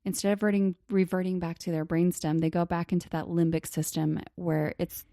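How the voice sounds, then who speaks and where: A woman therapist co-hosting a parenting podcast, calmly explaining a method and softly acting out gentle example phrases. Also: lowish voice, a little fast, no echo, clean studio sound. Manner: calm, explanatory, slips into soft hushed example phrases. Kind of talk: casual teaching on a parenting podcast.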